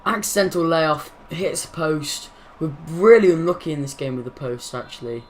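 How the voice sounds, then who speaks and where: A man's voice: fairly high pitch, normal speed. A young man hosting his gaming channel, casually commenting over football game footage, rambling and correcting his own slips.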